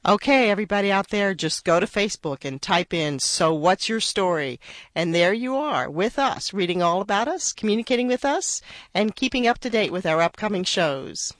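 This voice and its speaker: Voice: medium pitch, expressive, normal speed, a bit bright, no room sound. A chatty, enthusiastic host of a storytelling radio show.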